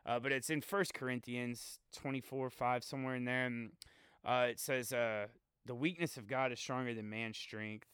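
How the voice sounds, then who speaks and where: A man musing reflectively in a casual faith conversation, halting and full of fillers. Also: medium pitch, fairly even intonation, a bit bright, smooth, dry recording.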